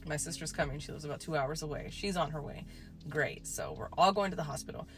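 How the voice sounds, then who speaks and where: A woman's voice: low-pitched, animated, quick pace, soft background music. A woman telling a true story in a casual storytime way, chatty, swearing and saying "like" a lot. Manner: chatty, swears, heavy use of "like".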